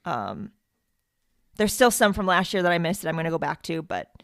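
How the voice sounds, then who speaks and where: A woman's voice: on the low side, sing-song, brisk, vocal fry, fairly bright tone, dry recording, studio quality. A woman hosting a podcast in casual chat, talking in a rambling, chatty way with frequent fillers and laughs. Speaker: podcast host.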